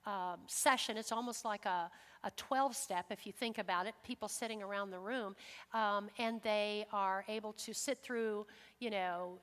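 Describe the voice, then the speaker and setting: A woman's voice: mid-range voice, moderate pace. A woman, a guest speaker giving a talk and taking questions, telling stories and acting out the quotes in them. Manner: lively storytelling, acts out quotes. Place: church hall. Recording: long reverb of a large hall.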